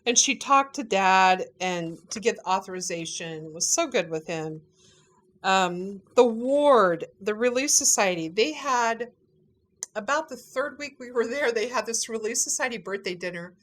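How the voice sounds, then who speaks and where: A woman in casual conversation, recalling family events in a chatty, animated way and laughing often. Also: medium pitch, unhurried. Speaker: family member recounting a parent's final weeks.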